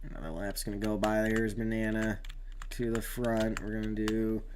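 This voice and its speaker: A man commentating his own sim race on a live stream, rambling with many fillers and sudden excited outbursts. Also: fairly low pitch, moderate pace, slight background noise.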